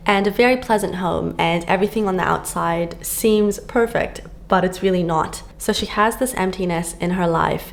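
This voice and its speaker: A woman's voice: lowish voice, vocal fry. A woman book vlogger chatting casually to camera, gushing and full of fillers, filmed at home on a camera on a stand.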